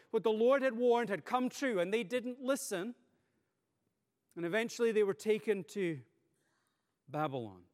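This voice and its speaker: A man's voice: high voice, in a large hall. A man preaching an expository sermon, teaching earnestly and checking in with his listeners with frequent "right?" asides. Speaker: pastor.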